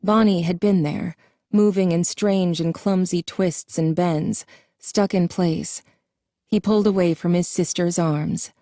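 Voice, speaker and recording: A woman narrating a spooky novel as an audiobook in a steady storytelling way. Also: fairly low pitch, unhurried, dry recording, clean studio sound.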